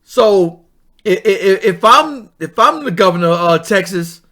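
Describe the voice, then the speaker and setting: A man hosting a vlog, giving blunt, animated commentary on the news. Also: high-pitched, measured pace. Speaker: vlog host.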